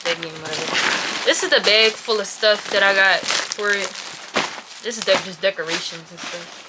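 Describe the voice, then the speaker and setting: A woman vlogger casually chatting to her viewers as she unboxes items, getting easily excited. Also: medium pitch. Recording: noisy room with packaging crinkles.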